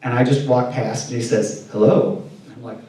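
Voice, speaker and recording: A man from Indiana, USA, speaks at medium pitch and a little fast, telling candid stories as a guest in a casual interview and acting out quotes with animation. The mic is distant in an echoey room, with slight background noise.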